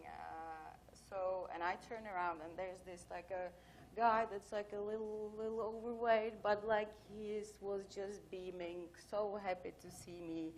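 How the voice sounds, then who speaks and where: A woman's voice: mid-range voice, fairly even intonation, a little slow, a little hiss or hum. A woman giving a conference talk, telling anecdotes in a chatty way full of fillers. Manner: chatty, storytelling with many fillers. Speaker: conference speaker. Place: conference hall.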